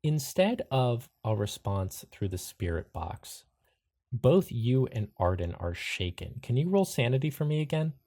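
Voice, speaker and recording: A man narrating a tabletop horror game as game master, calm and matter-of-fact. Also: medium pitch, measured pace.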